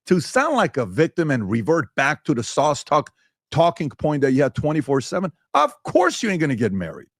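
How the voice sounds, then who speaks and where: A man's voice: fairly high pitch, dry recording. Guy hosting a podcast, heated, hammering rhetorical questions, voice swings up and down a lot, dead dry mic. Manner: emphatic, fires rhetorical questions. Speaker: podcast host. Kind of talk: heated debate.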